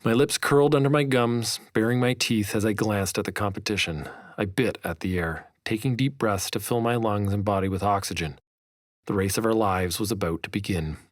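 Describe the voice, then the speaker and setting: A man narrating his own memoir audiobook in a measured, vivid storytelling manner. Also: on the low side, no room sound, studio quality.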